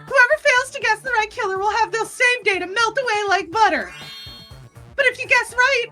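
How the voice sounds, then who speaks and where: Woman putting on a taunting villain announcer, high squeaky voice, theatrical, read-aloud game lines. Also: normal speed, pushed and bright, soft background music. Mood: gleeful taunting. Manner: teasing, theatrical announcer delivery. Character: gleeful mocking villain running a deadly trial. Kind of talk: reading game dialogue aloud.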